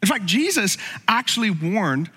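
A man's voice: high voice, big pitch swings, moderate pace, sharp tone, breathy edge, long reverb tail. A man preaching a sermon as pastor, conversational and humorous, with frequent asides to the congregation.

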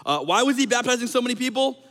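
A man preaching a conversational sermon as pastor, animated and joking, sometimes acting out quotes in a raised voice. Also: extremely high pitch, fast, big-room sound.

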